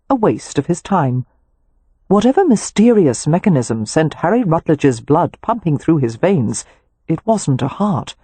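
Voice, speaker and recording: A woman narrating an audiobook in a measured storytelling manner, recorded on a close mic. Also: sits low, mellow, husky, no echo. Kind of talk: scripted narration.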